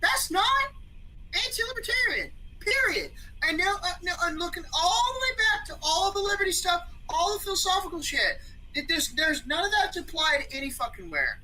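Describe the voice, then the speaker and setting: A man guest on a podcast, talking in a rambling, profane, excitable way. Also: extremely high pitch, normal speed, poor audio. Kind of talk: casual podcast discussion.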